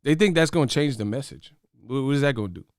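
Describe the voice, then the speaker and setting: A man's voice: mid-range voice, lively intonation, fast, clean tone, no room sound, studio quality. A man hosting a casual boxing commentary channel, brash, profane and mocking as he trash-talks to his viewers.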